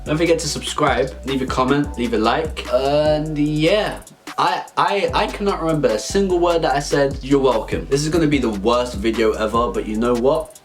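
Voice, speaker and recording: A young man telling an absurd comic story in a rambling, stumbling, deadpan way. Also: mid-range voice, normal speed. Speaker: vlogger. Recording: faint background music.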